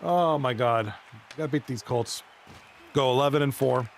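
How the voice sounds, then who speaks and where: A man chatting casually on a live stream, rambling and excitable as he talks with viewers. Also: mid-range voice, normal speed, creaky, some chatter behind, slight background noise. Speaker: live streamer and league commentator.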